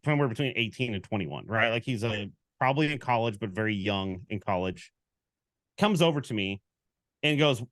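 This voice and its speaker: Animated man telling a sports story. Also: mid-range voice, no room sound, studio quality. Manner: animated storyteller, acts out quoted exchanges. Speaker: podcast co-host. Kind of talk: casual sports chat.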